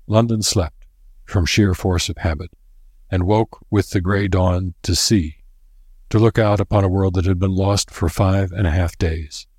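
A man narrating a novel in a measured, dramatic storytelling manner. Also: sits low, fairly even intonation, darkish tone, slightly rough, no room sound, studio quality. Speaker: audiobook narrator.

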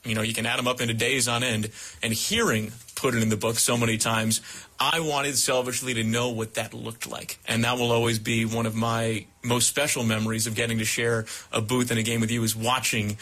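A young man, a baseball broadcaster, interviewing a mentor and speaking an earnest, deliberate tribute. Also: medium pitch, little pitch movement, bright, forceful tone.

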